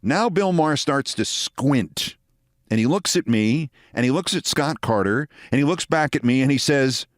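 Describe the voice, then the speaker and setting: A man's voice: mid-range voice, moderate pace, no room sound, studio quality. A man hosting a show, telling a long personal anecdote and acting out the voices of the people in it. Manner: animated anecdote with acted quotes. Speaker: host. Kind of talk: storytelling monologue.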